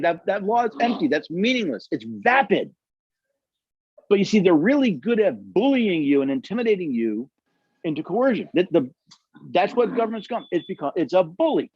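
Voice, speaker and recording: A man's voice: high-pitched, sing-song, normal speed, a little mellow, husky, no room sound, highs cut off. A man leading a constitution study session, telling stories emphatically and acting out the quotes, with audience questions. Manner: emphatic storytelling, acts out quotes.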